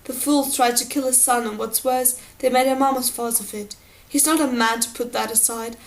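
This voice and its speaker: A woman voicing a grim plotting man, loud and forceful. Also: a little high, fairly even intonation, moderate pace, natural voice. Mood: grim, urgent.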